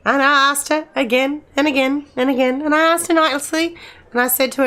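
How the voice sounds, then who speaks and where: Her voice is high, steady and sharp, and she talks fairly quickly. The middle-aged woman is playing a game and commenting casually, rambling on and chatting with the characters as though they were friends.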